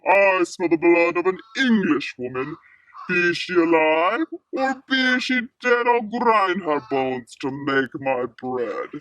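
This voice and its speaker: A woman voicing a huge, greedy male giant in a storybook reading, speaking slowly and menacingly. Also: animated, fairly bright tone, no echo, muffled recording. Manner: slow, booming, menacing.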